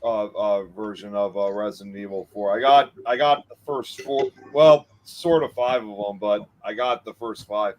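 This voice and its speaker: A man in casual podcast chat, soft-spoken and halting, stumbling over repeats. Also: lowish voice, rough recording.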